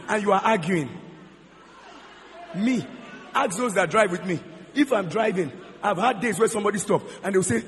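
A man with a Nigerian accent preaching a sermon as pastor, repeating phrases and swinging from shouting to quiet. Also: high-pitched, a little fast. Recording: long hall reverb.

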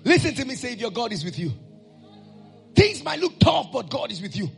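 A man preaching a sermon, calling out to the congregation and rising into shouted, chanted lines. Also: extremely high pitch, very animated, brisk, vocal fry, soft background music.

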